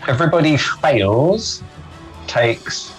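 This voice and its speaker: A man's voice: a little high, lively intonation, takes it slowly, faint music behind, poor audio. A man playing a tabletop game, casually explaining his moves to the game master. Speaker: player.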